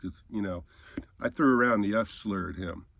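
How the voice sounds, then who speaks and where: A man's voice: fairly low pitch, normal speed, gravelly, fairly bright tone, no echo, highs cut off. A man telling an angry story in a heated, profane rant, often stumbling over his words and restarting. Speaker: host.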